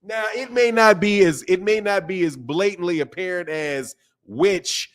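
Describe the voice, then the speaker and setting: A boxing channel host speaks in a high-pitched, unhurried voice during a livestream. He talks loosely in casual slang, restarting sentences often as he reads viewer chats aloud.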